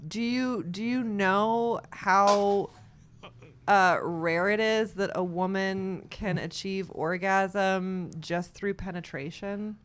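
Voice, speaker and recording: A woman co-hosting a casual comedic podcast, emphatic and quick to interrupt and tease. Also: medium pitch, steady tone, a little hiss or hum. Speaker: podcast co-host.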